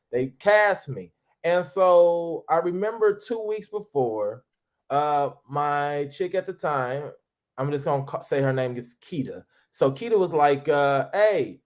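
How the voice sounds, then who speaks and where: Goofy, animated storyteller man from St. Louis. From St. Louis, USA. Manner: lively, goofy, acts out quoted voices with big pitch jumps. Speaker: comedian and TV editor telling his story.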